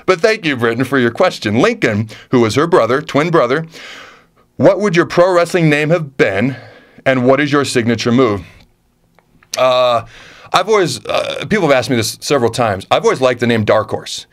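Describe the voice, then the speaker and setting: A man's voice: mid-range voice, expressive, normal speed. Ex-player man, 30s, casual Q&A, punchy emphatic delivery with repeated phrases. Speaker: former football player answering fan questions. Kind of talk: casual chat reading viewer questions.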